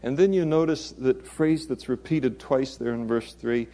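A man's voice: mid-range voice, normal speed, warm tone. A man preaching an expository sermon in a conversational way, chuckling and adding playful asides.

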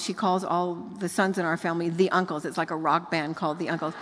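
An older woman, a grandmother, giving a sermon full of family stories, rising to emphatic high notes. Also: expressive, moderate pace, a bit bright, a little hiss or hum. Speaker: speaker. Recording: long hall reverb.

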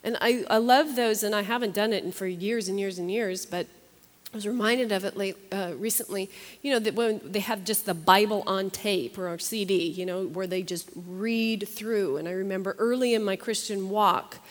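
A woman's voice: mid-range voice, steady tone, moderate pace, long reverb tail. A woman teaching a Bible study in a chatty, earnest way, repeating phrases for emphasis. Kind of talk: conversational sermon.

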